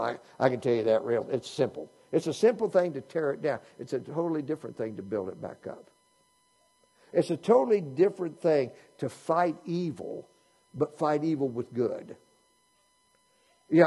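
A man delivers a sermon in a relaxed, conversational style, posing question after question to his listeners. His voice is warm and dark with a husky edge. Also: on the high side. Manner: conversational preaching with rhetorical questions. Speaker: pastor.

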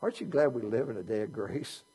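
A man's voice: mid-range voice, big pitch swings, fast, vocal fry, mellow, breathy edge. A man preaching a sermon in a conversational way, asking his listeners many rhetorical questions. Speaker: pastor.

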